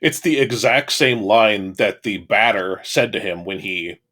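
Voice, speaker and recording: A man's voice: lowish voice, unhurried. A man co-hosting a film podcast, casually chiming in with agreement and plot details. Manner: relaxed, chimes in with agreement and details. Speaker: podcast co-host. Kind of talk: casual film review chat.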